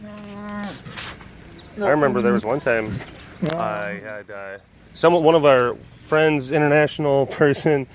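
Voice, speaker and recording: A man vlogging outdoors by animal enclosures, telling stories with a laugh and then talking softly to calm a big cat. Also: on the high side, slow pace, pauses often, crowd noise. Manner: rambling, laughing storyteller who shifts to hushed coaxing talk with a big cat. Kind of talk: casual vlog chat.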